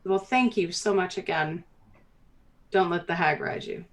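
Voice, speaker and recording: A woman narrating as game master of a tabletop game, animated and laughing often. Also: fairly low pitch, measured pace, low-quality recording.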